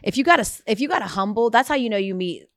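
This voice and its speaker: A woman from the United States hosting a podcast in casual chat, talking in a chatty, animated way with lots of filler "like"s. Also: a little high, racing, no echo. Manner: chatty, animated, heavy use of "like". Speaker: podcast host.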